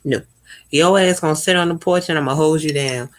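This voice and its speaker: A young woman hosting a live stream, talking bluntly and profanely in a casual chat, often swooping up high in pitch. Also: brisk.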